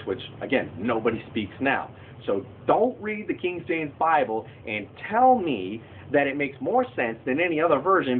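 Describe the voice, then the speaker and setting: A man's voice: medium pitch, slight background noise. Opinionated man on a tinny recording. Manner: opinionated, rambling, prone to rants; talks with hand movements. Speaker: Christian video host. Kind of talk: casual teaching monologue to camera.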